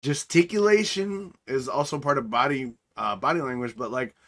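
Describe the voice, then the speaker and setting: A middle-aged man co-hosting a podcast in casual chat, rambling and animated, acting out voices as he tells stories. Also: mid-range voice, normal speed. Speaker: podcast co-host and streamer.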